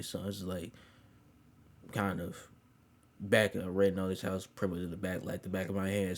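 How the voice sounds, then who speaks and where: A young man casually telling a story, slangy and profane, rambling along. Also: low-pitched.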